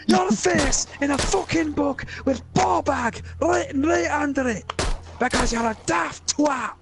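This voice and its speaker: A man's voice: extremely high pitch, measured pace, gravelly, noisy background. A young Scottish man doing rowdy, sweary let's-play commentary, laughing often. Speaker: gaming YouTuber.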